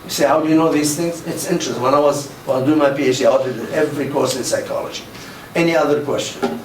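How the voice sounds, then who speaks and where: A man's voice: mid-range voice, fast talker. An older man giving a public lecture, telling anecdotes and acting out the quoted dialogue with animation. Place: mosque hall. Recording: roomy, distant mic with faint noise.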